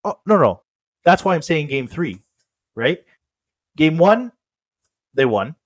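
A man's voice: on the high side, very animated, slow pace. Man, podcast co-host, casual sports chat, rambling, filler-heavy. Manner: rambling, with lots of "like" and restarts.

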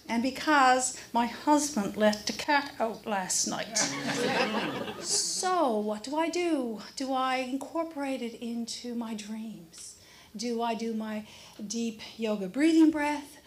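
High-voiced woman telling a lively story. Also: slow, slight background noise. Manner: animated, mimics crow caws. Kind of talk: live storytelling performance.

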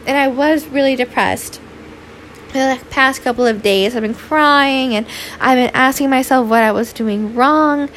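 Yawning and worn out, this solo podcast host talks in a loose, open way packed with "like" and occasional curses. She's a young woman with a high, fairly bright voice and a measured pace, over a faint hiss or hum.

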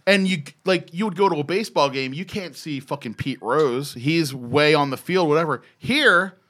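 A man in his fifties tells a story in a casual podcast chat, excitable and full of swearing. His voice sits a little high and comes across bright and forceful. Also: moderate pace. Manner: excitable, profane, animated storyteller. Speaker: former BMX rider telling a story.

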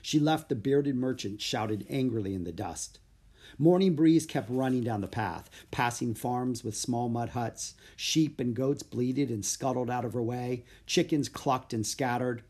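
A man narrating a children's audiobook in a steady, plain storytelling voice. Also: mid-range voice, a little slow.

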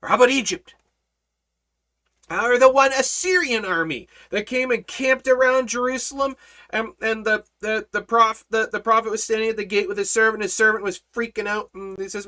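A Bible study teacher teaches casually but emphatically in a mid-range voice at a normal speed. He swings from hushed remarks to loud rhetorical questions and repeats phrases for emphasis.

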